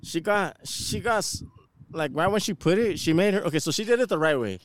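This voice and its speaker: A man's voice: sits high, animated, brisk, no room sound. Rambling crude young man, slang-heavy. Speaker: podcast co-host. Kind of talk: casual chat.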